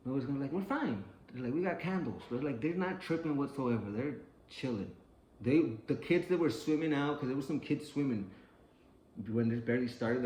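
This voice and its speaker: A man's voice: on the low side, a little mellow, reverberant, a little hiss or hum, rough recording. A man telling a personal story in a loose, profane way, full of "like" and acted-out quotes.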